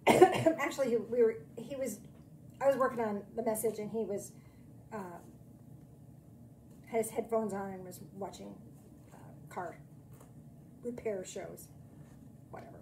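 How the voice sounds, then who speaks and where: A woman minister giving a chatty, self-deprecating sermon, then leading a slow, soothing guided meditation. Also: mid-range voice, darkish tone, slight background noise.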